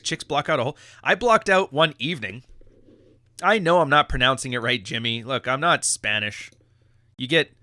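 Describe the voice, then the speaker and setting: Male podcast host, forceful and profane, slightly high voice, dry close sound. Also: no room sound. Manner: blunt, profane, laughing. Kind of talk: live podcast rant.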